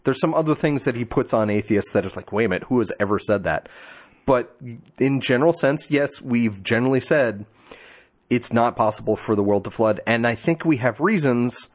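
A man's voice: mid-range voice, moderate pace. A man co-hosting a podcast in casual chat, talkative and wry, explaining at length. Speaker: podcast co-host.

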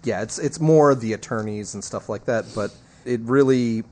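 A man of middle pitch chatting casually as a podcast co-host. He drifts easily into jokes and goofy asides, with an even, everyday tone that keeps the talk light. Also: moderate pace. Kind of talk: casual chat.

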